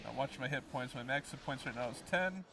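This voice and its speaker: A man's voice: medium pitch, a little fast, recorded from a distance, over a noisy crowd. A young man from the US Midwest giving casual let's play commentary, explaining as he goes with plenty of ums. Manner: rambling, explanatory, lots of ums.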